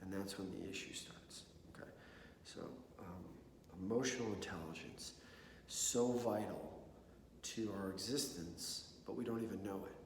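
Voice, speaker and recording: Guy with a lowish voice giving a talk, keeps asking okay? right?, big echoey hall w faint room hum. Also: normal speed. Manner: conversational, checks in with "okay?" and "right?". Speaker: speaker on mental preparedness. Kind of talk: live talk to an audience. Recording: echoey hall with long reverb.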